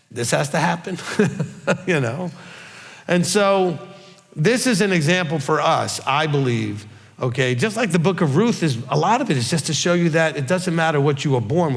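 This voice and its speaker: Folksy rabbi with gravelly voice. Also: male voice, fairly high pitch. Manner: folksy, repeats "okay?" to check in with listeners. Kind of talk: teaching sermon. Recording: long hall reverb.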